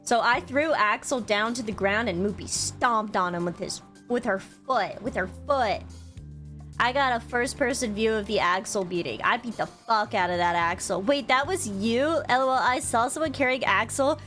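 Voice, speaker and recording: A young woman streamer chatting with her viewers about a convention, bubbly and quick to swear, with lots of "like". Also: fairly high pitch, a bit bright, soft background music. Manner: bubbly storytelling, swears freely, frequent "like". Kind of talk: casual chat to stream viewers.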